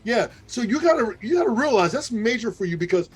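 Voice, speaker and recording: A man's voice: very high-pitched, very animated, fast, breathy edge. A man co-hosting a casual interview, chatty and enthusiastic. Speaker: cosplayer co-host.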